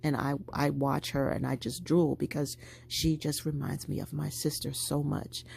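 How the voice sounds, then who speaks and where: A woman's voice: low voice, normal speed, creaky, a little hiss or hum. A woman vlogger chatting casually to her viewers as she packs a handbag. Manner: chatty, animated, talking to viewers while packing a bag. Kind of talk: casual chat.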